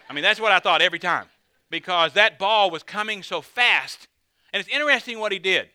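Bright, dry-voiced man preaching. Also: on the high side, dry recording. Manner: conversational preaching with dramatic emphasis. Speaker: pastor. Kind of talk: sermon.

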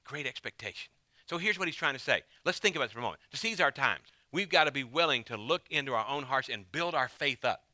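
A man's voice: medium pitch, animated, fast talker, hardly any pauses, pushed and bright, dry recording. A male pastor preaching a sermon in an emphatic way, repeating key phrases to drive them home.

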